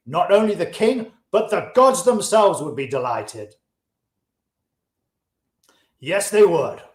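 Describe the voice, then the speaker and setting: A man reading the part of an earnest, discontented chariot maker, speaking old-fashioned English with passion. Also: high-pitched. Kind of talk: audiobook-style reading of a classic. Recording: roomy echo.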